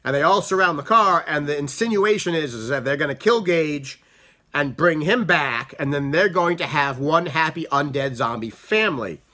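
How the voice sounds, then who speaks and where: A man talks through a casual film review in a bright, ringing voice that sits a little high. His delivery is animated, with pitch swinging widely. He often circles back and restarts his sentences. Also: moderate pace. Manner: animated, rambling with frequent restarts. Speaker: book and movie reviewer.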